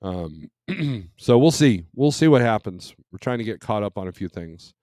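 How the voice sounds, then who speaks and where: A man's voice: fairly low pitch, lively intonation, moderate pace, a little mellow, dry recording, studio quality. A middle-aged man hosting a trucking live stream, reading and answering chat in a casual, rambling way with many restarts and fillers.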